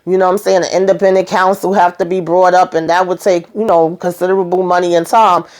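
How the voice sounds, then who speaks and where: A woman chatting casually as she recaps a show episode, animated and full of fillers, acting out the characters' lines. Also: fairly low pitch, fast. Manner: chatty, heavy on fillers like "you know".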